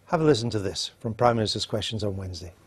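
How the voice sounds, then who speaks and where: A man's voice: lowish voice, animated, brisk, slight background noise. A man presenting a live political studio show, questioning guests in a wry, playful way.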